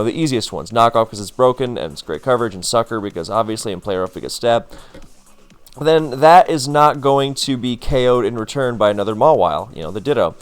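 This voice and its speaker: Sounding tired, a man with a smooth, lowish voice casually comments on a competitive battle replay. He's chatty, uses lots of fillers and corrects himself along the way.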